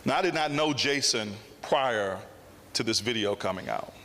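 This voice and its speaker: A man's voice: mid-range voice, expressive, normal speed, bright, forceful tone. A man telling a story in a public speech at a summit, with emphatic repetition. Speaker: summit speaker. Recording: long hall reverb.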